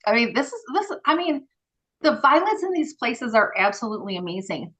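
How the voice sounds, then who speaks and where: A woman on a podcast recounting her work in casual, animated storytelling. Her voice is bright and forward, and she slips into quoted dialogue often, padding her talk with "um" and "like.". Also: fairly high pitch, brisk, low-quality recording. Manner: animated, many fillers, acts out quoted dialogue. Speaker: podcast guest, former group home worker.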